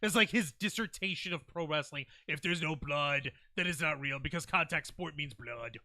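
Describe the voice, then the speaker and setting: A man co-hosting a wrestling podcast, reacting quickly and excitably, swearing freely and reading out chat comments. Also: a little high, no echo. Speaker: wrestling show co-host.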